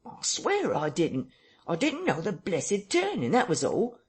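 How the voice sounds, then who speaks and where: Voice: mid-range voice, sing-song, unhurried, darkish tone, husky, pitched above the performer's own voice. A reader voicing a frightened, self-pitying tramp who whines and complains near tears. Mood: whining. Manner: whining, tearful, complaining.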